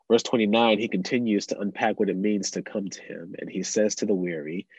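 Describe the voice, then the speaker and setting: A young adult man pastor preaching a sermon in an earnest way, dropping to soft tones for emphasis. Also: on the low side, normal speed, hardly any pauses, breathy edge, no room sound. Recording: dull lo-fi, dry.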